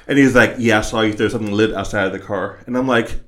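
A young man telling a story in casual conversation, animated and laughing, acting out the other people in it. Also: fairly low pitch, brisk. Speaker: guest telling a personal story.

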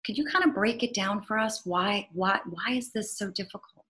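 A woman's voice: mid-range voice, moderate pace, fairly bright tone. A woman interviewer asking curious, probing questions.

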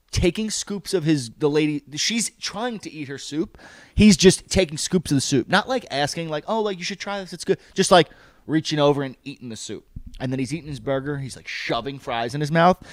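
A man telling a story in casual chat, animated and profane, with lots of "like". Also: fairly high pitch, normal speed, dry recording.

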